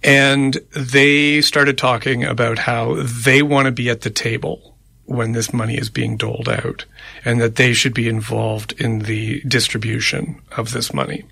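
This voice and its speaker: A man talks in a loose, rambling way on a community radio show. His voice has a gravelly edge and a bright, forward tone, and the studio mic sounds close and dry, with no room echo. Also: mid-range voice, little pitch movement, a little slow. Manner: conversational, rambling, tallies names aloud. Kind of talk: casual political chat. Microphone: studio microphone.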